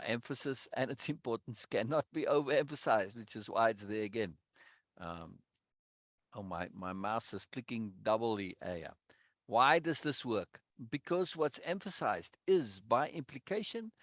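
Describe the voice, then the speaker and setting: A man's voice: mid-range voice, no room sound, studio quality. A man leading a live online teaching session, affirming students and repeating key points for stress. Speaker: course leader.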